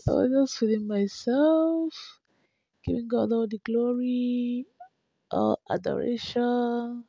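A woman's voice: medium pitch, moderate pace, creaky, warm tone, no echo, rough recording. A young woman, chatting emotionally about her pregnancy in a vlog, often repeating herself and laughing. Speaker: vlogger. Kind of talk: personal vlog narration over clips.

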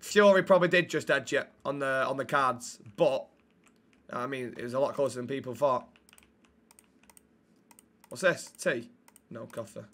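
A man's voice: mid-range voice, pushed and bright. A young man, chatting bluntly and swearing while streaming a game. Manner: sweary, blunt banter with chat. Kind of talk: live-stream chat while gaming.

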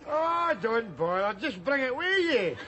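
Brash Glaswegian loudmouth, high lively voice, pub crowd behind. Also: male voice, unhurried, noisy background, full character voice. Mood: mocking. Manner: brash, mocking, shouty. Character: loud scruffy middle-aged Glasgow street philosopher. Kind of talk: sitcom acting.

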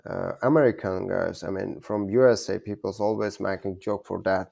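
Low slow guy w/ a gravelly voice, keeps repeating words n fixing himself. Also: darkish tone. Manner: halting, repeats words, self-correcting. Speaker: language learner teaching German basics. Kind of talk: informal self-taught lesson.

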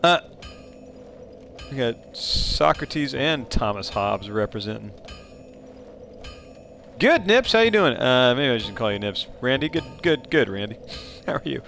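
A man streaming a game live, chatting playfully with viewers and breaking into sudden high exclamations. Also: unhurried, gravelly, a bit bright, soft background music. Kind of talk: casual live-stream chat while playing.

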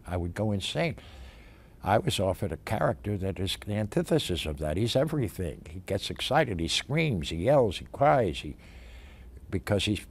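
An older male actor being interviewed about his career, talking in an emphatic, animated way with many restarts and stammers. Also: low-pitched, slight background noise.

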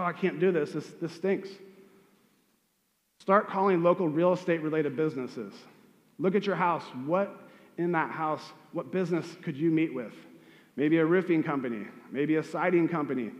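Man, real estate agent, direct coaching tone, rhetorical questions, fairly high voice, long reverb. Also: muffled recording. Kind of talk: motivational advice talk.

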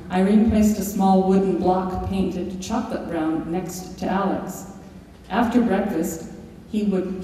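A woman's voice: on the low side, mellow, slight background noise. A woman author giving a lecture, reading from her book and telling stories in a large lecture hall. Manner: storytelling, with occasional fillers and restarts. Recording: echoey lecture hall, mic far off.

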